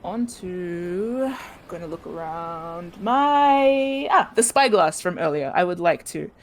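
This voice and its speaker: A woman's voice: lowish voice, expressive, slow pace. A woman playing in a tabletop game session, chatting casually, giggling and restarting her sentences often. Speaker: player.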